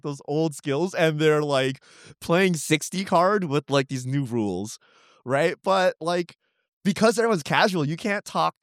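A man co-hosting a podcast in casual chat, talking fast and opinionated and tagging his points with "right?". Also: fairly high pitch, no echo, studio quality. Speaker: podcast co-host.

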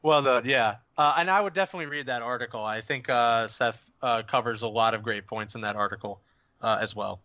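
Chatty man with a bright voice. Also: mid-range voice, fairly quick, no echo. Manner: chatty, laughs easily, agreeable. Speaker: podcast co-host. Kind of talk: casual podcast chat. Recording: dull, dry lo-fi podcast audio.

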